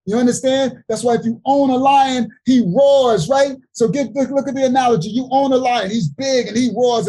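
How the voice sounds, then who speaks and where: A man with leading a livestream Bible study, preaching in an animated, emphatic way straight to his viewers. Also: very high voice, slightly rough, rough recording.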